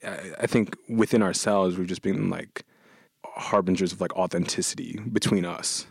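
A man's voice: low voice, fairly even intonation, normal speed, gravelly, husky, no room sound, studio quality. A man from New Jersey, a musician, chatting casually in a rambling way and laughing often. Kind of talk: casual chat.

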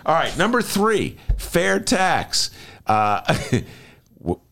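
Gravelly lively man host. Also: fairly high pitch, drawn-out words. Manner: lively, joking, self-mocking. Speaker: podcast host. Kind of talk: casual political chat.

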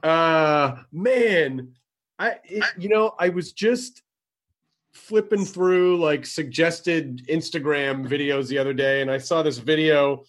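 A man hosting a podcast, excitable and quick to swear while telling stories. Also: on the high side. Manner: excitable, swears freely, animated storytelling. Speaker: podcast host. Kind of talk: casual podcast chat.

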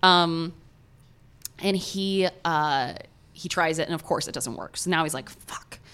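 Bright-voiced Ohio woman telling a story. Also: deep voice, unhurried, clear, resonant tone. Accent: Ohio American. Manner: animated, lots of filler words. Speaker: podcast co-host. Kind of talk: casual storytelling chat.

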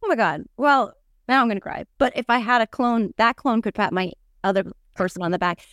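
A woman's voice: a little high, brisk, a bit bright, no echo, studio quality. A woman hosting a podcast, chatty and joking, swearing freely as she wraps up an interview. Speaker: podcast host. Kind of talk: casual interview chat.

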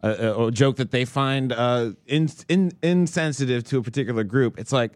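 A man in casual podcast chat, speaking plainly and haltingly as he searches for words. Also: medium pitch, no echo, clean studio sound.

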